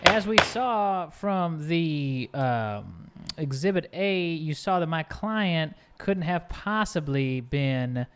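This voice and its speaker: A man's voice: a little high, lively intonation, slow, smooth. A man doing a rambling drawling lawyer. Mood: pompous. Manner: rambling, hesitant, stumbling courtroom argument. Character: fast-talking male defense lawyer. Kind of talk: improv comedy.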